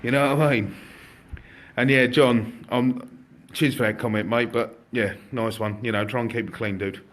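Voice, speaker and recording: Chatty shop owner streaming live. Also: male voice, medium pitch, moderate pace. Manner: chatty, excitable, jokey, addresses viewers directly. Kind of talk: casual live stream chat. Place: his shop indoors.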